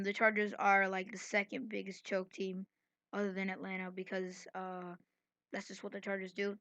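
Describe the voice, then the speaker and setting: Bright-voiced woman chatting football picks. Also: mid-range voice, dry recording, muffled recording. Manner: chatty, filler-heavy, restarts mid-sentence. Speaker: sports channel host. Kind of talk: casual sports picks commentary. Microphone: computer mic.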